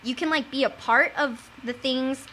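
A young adult woman chatting casually as a panelist, telling stories in an animated way. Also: sits high, normal speed, slight background noise. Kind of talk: casual chat.

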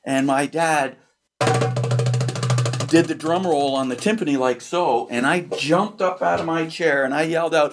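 A man from Canada, a percussionist and author, telling a childhood story in an interview, acting out quotes and sound effects, with pauses and fillers. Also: fairly high pitch, background noise.

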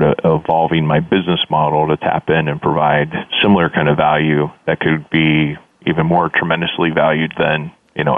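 A man's voice: a bass voice, no room sound. A man speaking as a guest on a panel discussion, often repeating words as he thinks. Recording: tinny phone line.

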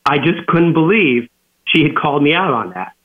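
Heard through a thin, tinny phone line, this California author guesting on a radio show has a voice on the high side and a moderate pace. His stories are lively, and he acts out each quoted exchange.

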